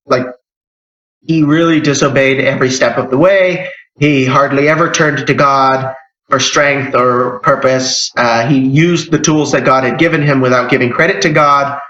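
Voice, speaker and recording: A man's voice: mid-range voice, sharp tone. A man, a church elder, giving an informal sermon in a conversational way, with emphatic rises and restarts. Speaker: church elder teaching a Bible lesson. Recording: echoey church hall, dull lo-fi sound.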